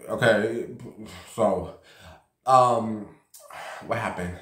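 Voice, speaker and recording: A man's voice: fairly low pitch, drawn-out words, a bit bright. A man vlogging casually from a basement room at home, telling a gossipy story and acting out the voices of the people in it. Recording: roomy echo.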